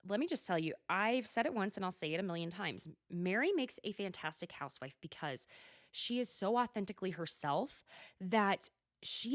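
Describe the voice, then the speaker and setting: A young adult woman hosting a solo TV recap podcast, gossipy and animated, swearing freely and laughing often. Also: medium pitch, no echo, clean studio sound. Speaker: podcast host. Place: lives at altitude, records at home.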